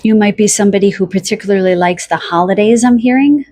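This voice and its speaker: A woman giving a pick-a-card tarot reading, talking softly and dreamily to the listener, with many fillers, pauses and restarts. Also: mid-range voice. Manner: addresses the listener directly. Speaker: tarot reader.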